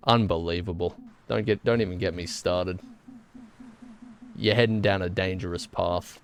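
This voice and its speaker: In a steady, low voice at a moderate pace, pausing often, an Australian gaming streamer chats casually as he plays live. He rambles and jokes with mock indignation.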